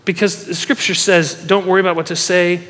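A man with a high voice preaches in a large church hall, and a long reverb trails after his words. He tells stories with energy and urges the congregation to join in. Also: a little fast. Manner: animated storytelling preacher, urging the congregation. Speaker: pastor. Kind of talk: sermon.

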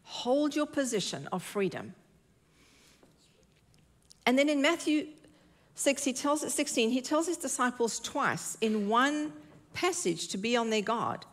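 A woman's voice: on the high side, very animated, unhurried, pauses often. Earnest woman preaching a sermon. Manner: earnest, emphatic, repeats key phrases. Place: church.

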